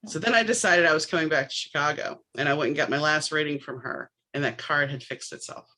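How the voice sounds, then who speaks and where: A woman's voice: deep voice, fast, bright, forceful tone, low-quality recording. A middle-aged woman from New Orleans hosting a podcast, telling stories casually and acting out the other people in them. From New Orleans, USA. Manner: acts out the quoted voices in her stories. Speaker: podcast host. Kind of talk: casual conversational storytelling.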